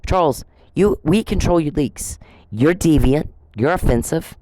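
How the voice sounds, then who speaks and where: A woman's voice: sits low, animated, measured pace, dark tone, no room sound, poor audio. A woman hosting her own channel, delivering an angry, profane, accusatory rant straight at the person she blames, hammering the same insults again and again. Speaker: channel host. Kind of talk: angry direct-address rant.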